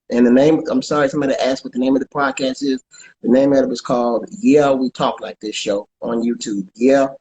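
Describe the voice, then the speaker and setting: A comedian and podcast co-host chats casually in an interview, his medium-pitched voice slightly mellow. He's halting, often stumbling and repeating words, and plugs his show, all captured on poor audio.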